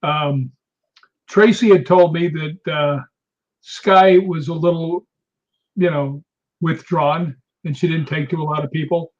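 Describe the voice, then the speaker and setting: A man's voice: on the high side, fairly even intonation, measured pace, highs cut off. A middle-aged man hosting a casual chat who tells stories and laughs often. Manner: chatty storyteller, laughs often. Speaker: guest host. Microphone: video call.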